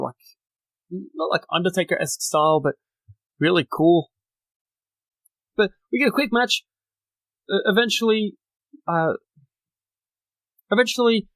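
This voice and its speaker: A man on his own podcast runs through the week's wrestling with a chatty, opinionated flow. His voice sits a little on the high side. It is recorded close and dry, with no room sound. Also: dry recording. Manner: chatty, opinionated, animated recap with asides. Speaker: podcast host. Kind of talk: solo wrestling recap podcast.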